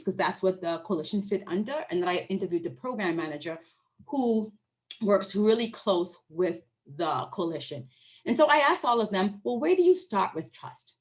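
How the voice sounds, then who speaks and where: This is a woman scholar walking an audience through her study. Her pitch rises and falls expressively around a middle register. She keeps the talk informal, drawing her listeners in with questions and quick check-ins. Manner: lively and conversational, asks the audience questions and often checks in with "right?"; acts out her interviewees' voices when quoting them. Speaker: university researcher presenting findings. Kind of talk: academic presentation to an online audience.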